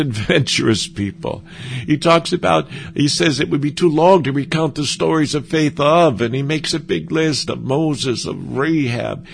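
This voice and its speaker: This preacher's voice is gravelly and on the high side. His sermon is earnest and conversational but halting, as he keeps tripping over and restarting his sentences.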